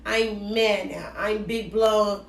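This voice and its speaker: A woman's voice: medium pitch, slow, vocal fry, far from the mic. Slangy woman telling a story, echoey room. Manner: animated, slangy, acts out both sides of conversations. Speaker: vlogger telling a dating story. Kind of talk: casual storytime chat. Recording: roomy echo, voice set back from the mic.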